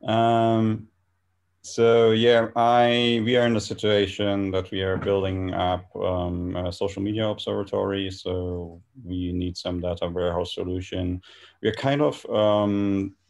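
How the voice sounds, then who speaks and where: A man's voice: sits low, flat delivery, measured pace, darkish tone. A man with a German accent asking a hesitant question on a video call, full of ums and restarts. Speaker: audience member asking a question.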